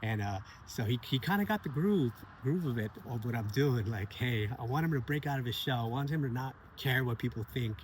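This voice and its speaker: A man's voice: mid-range voice, brisk, hardly any pauses. Man, mid-range voice, heartfelt casual storyteller, faint hum behind. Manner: earnest, animated, repeats phrases and laughs often. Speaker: vlogger sharing personal stories.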